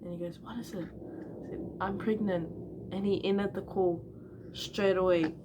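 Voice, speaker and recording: A woman's voice: mid-range voice, steady tone, normal speed, noisy background. A young woman, a new mother, candidly telling her personal story and acting out both sides of old phone calls. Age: young adult.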